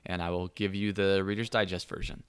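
Deep-voiced man rambling through a backstory. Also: flat delivery, fairly quick, clean tone. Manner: rambling storyteller, many fillers. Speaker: player describing his character. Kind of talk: casual podcast chat.

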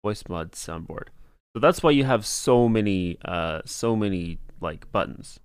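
A man's voice: lowish voice, lively intonation, unhurried, smooth, no room sound, studio quality. Laid-back rambling man podcast host. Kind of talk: casual chat on a streamed podcast.

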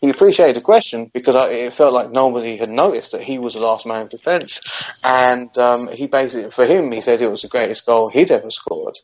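A man's voice: medium pitch, a little fast, muffled recording. A man co-hosting a podcast, telling a long rambling football anecdote in casual chat. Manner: rambling storyteller, many restarts. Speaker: podcast co-host.

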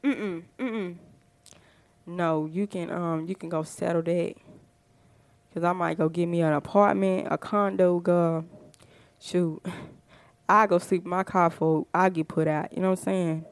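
A woman's voice: lowish voice, fairly even intonation, measured pace, long pauses, dry recording. A woman hosting a podcast, talking in a fired-up, emphatic casual monologue full of rhetorical questions. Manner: fired-up, emphatic, frequent "you know what I'm saying". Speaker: podcast host.

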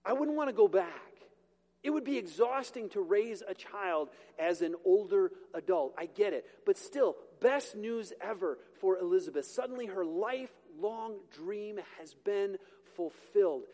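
A male pastor with a high voice preaches to his congregation in a casual, joking way, stopping now and then to fix his own slips. His voice carries with a long hall reverb around it. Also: lively intonation, unhurried, dark tone. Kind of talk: sermon. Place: church sanctuary with a congregation.

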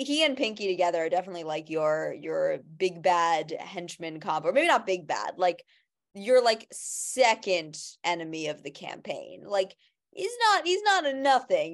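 Chatty woman podcaster, restarts a lot. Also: on the low side. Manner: chatty, rambling with many restarts and fillers. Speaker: podcast co-host. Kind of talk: casual chat.

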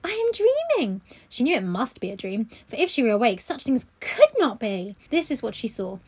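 A woman reading a classic novel aloud on a podcast, then breaking off into casual, expressive chat that is full of swearing and laughs. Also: on the high side, a little fast, husky.

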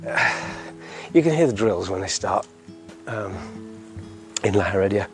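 A man's voice: on the low side, animated, unhurried, over music. A middle-aged man hosting a community podcast outdoors, walking a hillside road and chatting casually with frequent chuckles.

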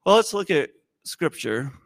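A male pastor giving a sermon in a conversational, animated storytelling way. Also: fairly high pitch, unhurried, gravelly.

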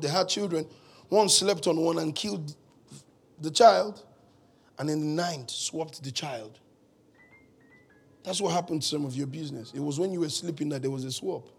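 A man's voice: a little high, breathy edge. A man preaching a sermon as pastor, mixing humorous asides with dramatic retellings and bold declarations.

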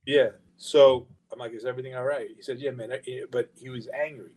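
A man's voice: medium pitch, brisk, rough recording. A middle-aged man, a podcast guest telling a long story in a casual, profane way and acting out the quoted lines. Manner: profane, animated anecdote-telling with quoted dialogue. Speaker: guest, record label founder.

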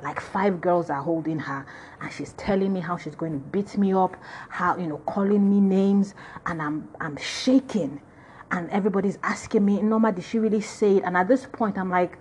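A woman's voice: lowish voice, normal speed, a little mellow, a little hiss or hum. A woman with a Nigerian accent casually telling a personal story, chatty and full of "you know" and "like".

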